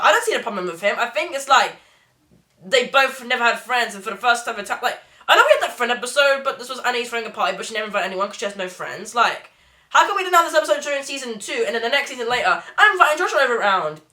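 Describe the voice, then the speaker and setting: A woman's voice: high voice, pushed and bright. A woman hosting a casual reaction video, rambling and laughing often.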